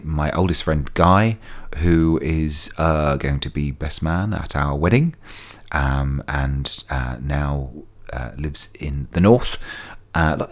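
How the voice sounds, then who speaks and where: A man telling stories on his solo podcast, chatty and prone to digressions and sidebars. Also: a bass voice. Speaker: podcast host. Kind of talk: casual solo podcast storytelling.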